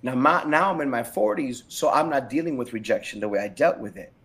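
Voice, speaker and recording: A middle-aged man, a pastor, recounts his own story in a candid, unscripted interview. He talks in an animated, emphatic way and repeats short phrases for weight. His voice sits at an ordinary middle pitch for a man. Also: fairly quick, creaky. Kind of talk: candid interview, personal testimony.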